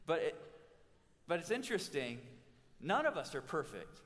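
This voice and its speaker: A man in his forties, a pastor giving an animated sermon with humorous stories and quick restarts. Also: on the high side. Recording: reverberant hall.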